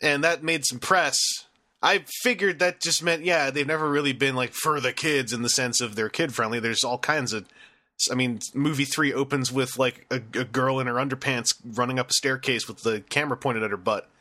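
A man's voice: mid-range voice, normal speed, pushed and bright. A young man hosting a casual podcast chat, rambling and joking as he reads out news items and comments. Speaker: podcast host and producer.

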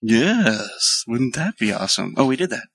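A man's voice: mid-range voice, very animated, moderate pace, creaky, fairly bright tone, husky, no echo, poor audio. A man, a voice actor appearing as a podcast guest, chatting playfully and laughing often into a handheld mic. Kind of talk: casual chat. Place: fan convention hotel.

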